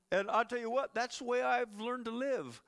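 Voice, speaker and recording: A man's voice: very high-pitched, measured pace, a bit bright. A man preaching a sermon as pastor, talking conversationally to the congregation with chuckles and asides.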